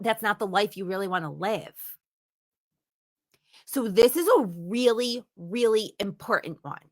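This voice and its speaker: A woman teaches a motivational class with real emphasis, hammering points home by saying them again and again. Her voice is bright and forceful, and her pitch sits in an ordinary middle range for a woman. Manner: emphatic, repeats words for stress. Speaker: instructor.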